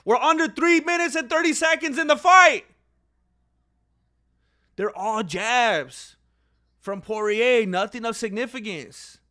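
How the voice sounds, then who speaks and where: A young man gives casual live reaction commentary during a fight watch-along, opinionated and speaking straight to his viewers. His voice is very high and slow-paced, with long pauses, and he gets loud when excited.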